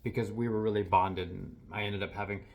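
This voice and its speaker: A man who works as a healing practitioner, speaking earnestly in a soft reflective monologue with frequent pauses and restarts. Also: on the low side, fairly even intonation. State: a little teary.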